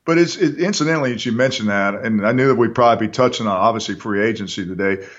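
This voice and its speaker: A man's voice: on the low side, a bit bright. A man co-hosting a casual sports talk show, easygoing and thinking aloud as he talks. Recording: dull lo-fi sound.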